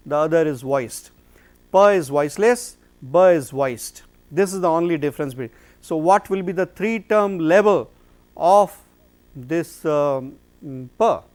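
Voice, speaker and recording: A man's voice: sits high, smooth. A man giving a phonetics lecture, explaining step by step and answering his own questions. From India.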